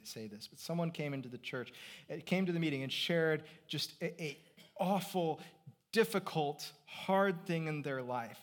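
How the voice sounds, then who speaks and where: A middle-aged pastor preaches a sermon in a conversational style, his slightly high voice swinging between loud emphasis and quiet reflection.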